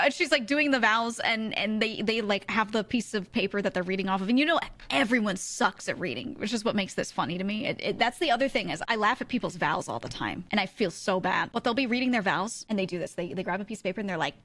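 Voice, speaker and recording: A young adult woman streamer chatting casually, telling an animated story and often laughing. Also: medium pitch, quick pace, few pauses, dry recording. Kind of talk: casual chat.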